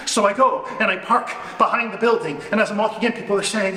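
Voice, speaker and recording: A man performing a one-man storytelling show live on stage, acting out the people he quotes and swinging between loud and soft. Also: high voice, a little fast. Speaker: solo storyteller. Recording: echoey hall, slight room noise.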